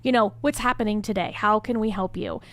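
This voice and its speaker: A woman's voice: mid-range voice, brisk, a bit bright, dry recording. A woman guest in an interview, chatty and enthusiastic, talking with frequent "um, you know" fillers. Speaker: incubator staff member, interview guest. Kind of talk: conversational interview answer.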